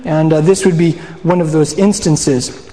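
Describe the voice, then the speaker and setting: A man's voice: on the high side, steady tone, unhurried, mellow. A man preaching a casual sermon, chatty and asking the audience questions. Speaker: pastor. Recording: echoey hall.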